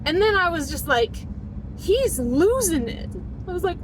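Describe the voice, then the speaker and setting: A woman's voice: big pitch swings, unhurried, background noise. A woman in her thirties telling a painful personal story, her voice shaky as she holds back tears. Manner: fighting back tears, voice dropping low and shaky.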